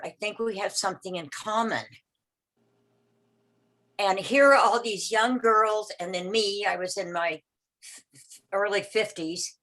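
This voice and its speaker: A woman in her sixties on a video call, telling a personal story in a rambling, halting way, full of restarts and repeated words, and acting out the voices of the people in it. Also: mid-range voice, fairly bright tone, poor audio. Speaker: meeting participant sharing a story.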